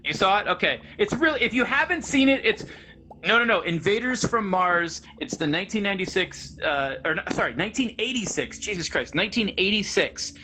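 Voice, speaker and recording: A man in his thirties telling stories in casual chat, animated and rambling, laughing often. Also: high voice, fairly quick, a little hiss or hum, rough recording. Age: 30s. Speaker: guest.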